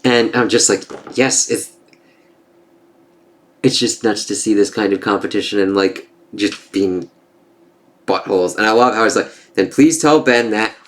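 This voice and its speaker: A man's voice: fairly low pitch, steady tone, unhurried, pauses often, fairly bright tone. A man giving a casual spoken comic book review, loose and profane. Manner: casual, swears, laughs at the jokes.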